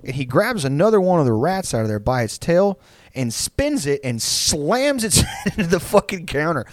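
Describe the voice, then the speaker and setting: A man's voice: on the high side, sing-song, moderate pace, dry recording, studio quality. Rambling, profane young man telling a story. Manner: rambling, profane, with many likes and ums. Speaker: podcast co-host. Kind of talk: casual storytelling chat.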